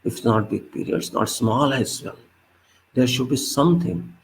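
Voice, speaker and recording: A man with an Indian English accent delivers a solo political commentary in a forceful, lecturing way. His voice sits at an ordinary pitch with a lot of gravelly fry, and he drives his points home by repeating phrases. A faint noise runs underneath. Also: moderate pace, rough recording.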